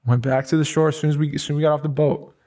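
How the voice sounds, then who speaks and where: A man's voice: a little high, steady tone, rapid-fire, mellow, recorded from a distance. A man in a casual conversation, telling personal stories in a rambling way with many fillers and restarts.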